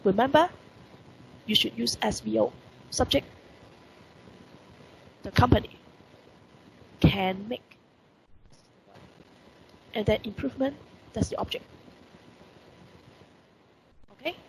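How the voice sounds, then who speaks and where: A Hong Kong-accented woman teaches an online lesson over a computer mic, pitched a little high with a strongly gravelly, fry-heavy voice. She keeps stressing key words and asking "what does that mean?" Faint noise hums underneath. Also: slow, pauses often, poor audio. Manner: repeats rhetorical questions, stresses key words. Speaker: English teacher. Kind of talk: online lesson explaining report writing. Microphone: computer mic on video call.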